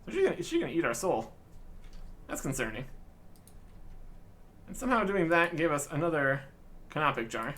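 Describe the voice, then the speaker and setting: A man hosts a let's-play of a video game, narrating what he does with wry, joking asides. His pitch moves around a lot as he talks, in an animated, expressive way. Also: moderate pace, pauses often. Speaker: game channel host.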